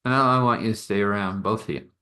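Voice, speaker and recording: A man's voice: on the low side, fast, bright, forceful tone, clean tone. A man voicing a kindly, casual male wandering trader in a told story, close to his own voice.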